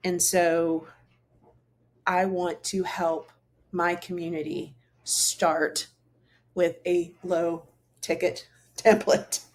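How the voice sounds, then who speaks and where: A woman's voice: on the low side, level tone, drawn-out words, pauses often. A middle-aged woman hosting her own show, talking earnestly and casually to camera, rambling with fillers and restarts. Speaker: host. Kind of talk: casual solo talk to camera.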